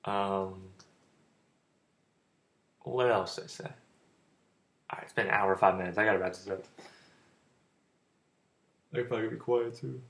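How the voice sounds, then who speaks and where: Rambling young man with a gravelly voice. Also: lowish voice, fairly even intonation, normal speed, long pauses, fairly bright tone. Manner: rambling, stuttering, loose and informal. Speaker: vlogger giving dating advice. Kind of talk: casual rambling monologue.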